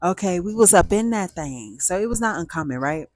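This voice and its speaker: A woman telling a casual storytime vlog with animated, oversharing delivery and playful spoken sound effects. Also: fairly low pitch, brisk, no room sound, clean studio sound. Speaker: storyteller host.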